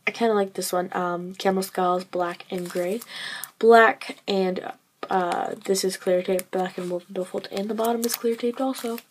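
A woman's voice: mid-range voice, steady tone, normal speed, slight background noise, rough recording. Chatty tired teen girl. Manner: chatty, filler-heavy, trailing off. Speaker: duct tape wallet maker. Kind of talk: casual show-and-tell vlog.

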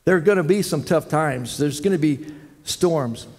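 A man's voice: on the high side, normal speed, a little mellow, breathy edge. A man preaching a folksy sermon to his church, telling jokes and asking the congregation questions. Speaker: head elder preaching. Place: church sanctuary. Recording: long church hall reverb.

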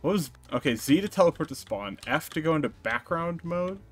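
A young man narrating a let's play, joking around and reacting loudly to the game. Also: fairly high pitch, a little fast. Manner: excitable, jokey, squeals when startled. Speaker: gaming YouTuber.

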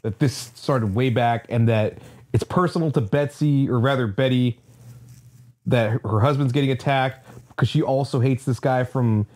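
Laid-back guy with a warm low-key voice, thinking out loud about the comic. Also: normal speed. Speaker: podcast co-host. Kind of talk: casual chat.

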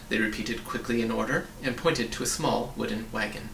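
A man reading a children's book aloud in an expressive, storytelling manner. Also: lowish voice, brisk, gravelly, hardly any pauses. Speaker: storybook reader. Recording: roomy, distant mic, faint hiss.

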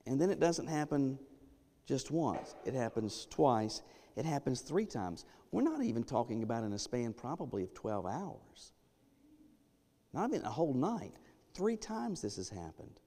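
A male pastor delivers a sermon in an emphatic, dynamic way, sinking to near-hushed lines before building up to loud ones. His voice sits in an ordinary middle pitch for a man. The sound carries a long reverb from a church sanctuary. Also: very animated, moderate pace.

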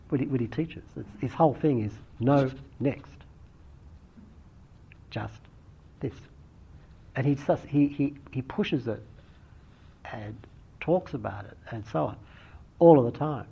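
A middle-aged man giving a reflective, unhurried dharma talk as a meditation teacher, often restarting his phrases. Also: medium pitch, gravelly, a little mellow, slightly rough. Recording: dull lo-fi recording.

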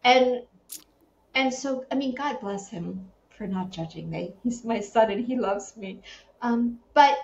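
A middle-aged woman with a fairly high voice tells stories animatedly, slipping into quoted voices and laughing often. Her voice sits in a roomy space, with slightly dull sound and a faint hum underneath. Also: a little slow, gravelly. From Connecticut. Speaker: podcast guest, animal communicator. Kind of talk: casual interview storytelling.

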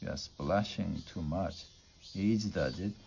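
A man reading the part of a patient swimming teacher giving calm instructions. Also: low-pitched, unhurried, creaky, slight background noise, pitched below the performer's own voice. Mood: coaching.

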